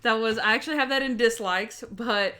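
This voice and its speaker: A woman's voice: a little high, fairly quick, sharp tone. A woman co-hosting a podcast, chatting casually about a TV episode, laughing often and acting out quoted lines. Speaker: podcast co-host. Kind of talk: casual chat recapping a TV episode.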